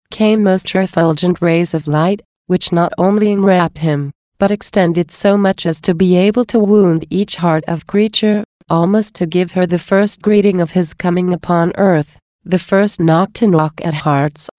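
A woman reads a devotional text in a slow, reverent, measured way. Her voice is fairly low and mellow. The recording is close and dry. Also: dry recording. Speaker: reader. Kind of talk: devotional scripture-style reading.

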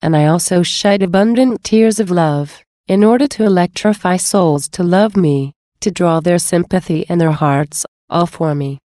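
A woman reading the words of a tender, sorrowful adult man in a devotional reading, gentle and measured. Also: lowish voice, no room sound, clean studio sound, close to an everyday voice.

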